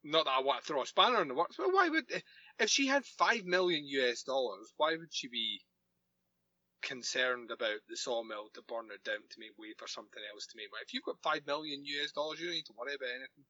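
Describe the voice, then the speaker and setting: Sharp-voiced wry man, dry lo-fi mic. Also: mid-range voice, animated, quick pace, dry recording. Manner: wry, picks holes in the plot, sarcastic asides. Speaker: podcast co-host. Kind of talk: casual chat recapping a TV episode.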